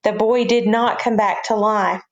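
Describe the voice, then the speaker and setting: A woman teaching a children's Bible class, telling a story in an animated way and asking the kids questions. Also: medium pitch, unhurried, roomy sound, highs cut off.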